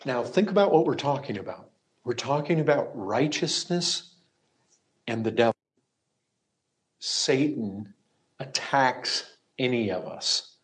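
A man preaching a sermon, emphatic, moving from raised, ringing lines to quiet, hushed asides. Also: medium pitch, animated, slow pace, pauses often. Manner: emphatic, swings between loud cries and hushed asides.

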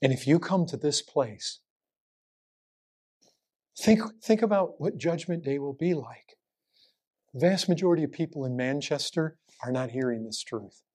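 Guy preaching, husky voice, keeps firing questions at the crowd, gets loud then drops real quiet. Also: expressive, measured pace, pauses often. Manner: emphatic, full of rhetorical questions; swings between raised urgent lines and low hushed ones. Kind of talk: sermon.

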